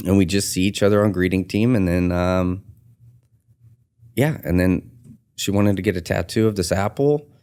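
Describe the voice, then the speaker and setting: A man's voice: low-pitched, moderate pace, long pauses, smooth. A man, a tattoo artist and shop owner, telling an earnest story in a casual podcast interview and acting out the dialogue. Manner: earnest, animated retelling with quoted dialogue.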